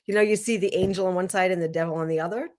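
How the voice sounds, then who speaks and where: A woman co-hosting a casual wellness chat over a video call, lively, chatty and encouraging, with playful asides. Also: lowish voice, very fast, slight background noise. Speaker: wellness program co-host.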